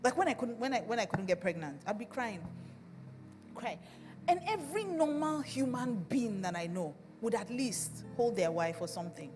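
A woman pastor with a Nigerian accent, preaching a sermon and telling stories in an animated way, laughing along. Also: on the high side, moderate pace, in a large hall, music in the background. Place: church.

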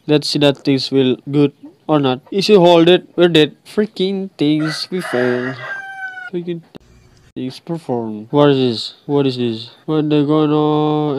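Young male game commentator, casual and chatty, slightly high, smooth voice, dry close sound. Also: a little mellow, no room sound. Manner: chatty, talks to game characters, repeats himself. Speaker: gameplay commentator.

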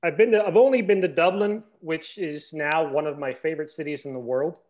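Dry, self-deprecating male guest; slightly high voice, dull lo-fi mic. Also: brisk. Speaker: podcast guest. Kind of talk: casual chat.

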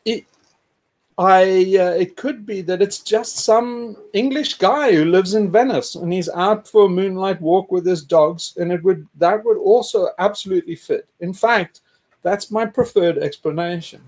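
Rambling man telling a story, fairly high voice. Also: unhurried, darkish tone. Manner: rambling, restarts, laughs often, swears. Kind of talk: casual conversational storytelling.

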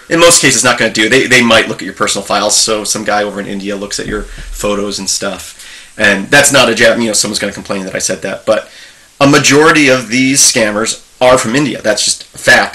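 A man's voice: lowish voice, sharp tone. A middle-aged man hosting a casual tech video, talking in a rambling, chatty way with frequent restarts and ums. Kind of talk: casual screen-share talk.

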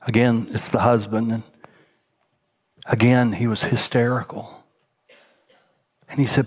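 A man preaches a sermon at a medium pitch. He sinks to a hushed near-whisper on tender points and lifts his voice as he tells a story. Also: flat delivery, a little slow, long pauses, slightly rough. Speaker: senior pastor.

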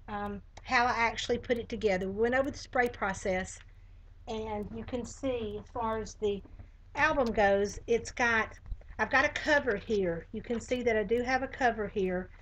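A woman's voice: medium pitch, slight background noise, rough recording. A woman with a Southern US accent, chatting casually through a live craft tutorial with many fillers. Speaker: craft demonstrator.

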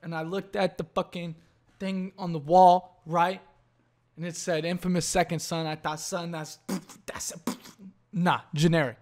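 Profane rambling young man, somewhat high voice. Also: little pitch movement, normal speed, darkish tone. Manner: profane, rambling, self-interrupting. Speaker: podcast host. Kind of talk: solo podcast rant.

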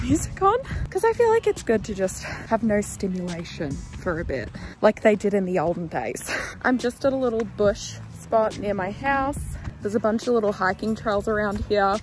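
A woman in her twenties chatting casually in a bubbly, gushing vlog style. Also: mid-range voice. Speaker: vlogger. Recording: echoey room with background music.

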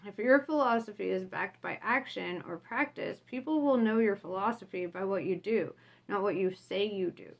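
A woman vlogger reading her own reflection aloud casually, blunt, often laughing and tagging lines with "right?". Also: medium pitch.

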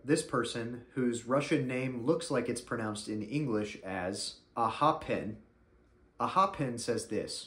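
A man's voice: fairly low pitch, roomy sound. An American man giving comedic commentary in a mock-serious, sarcastic, playful way. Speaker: YouTube commentator. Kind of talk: comedic commentary reading reviews.

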